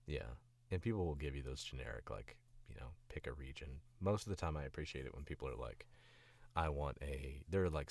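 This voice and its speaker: A man's voice: extremely low pitch, creaky. A man who is a voice actor, feeling sick, chatting casually on a stream in a rambling, filler-heavy way. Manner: rambling, filler-heavy and animated, demoing accents. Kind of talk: casual livestream chat.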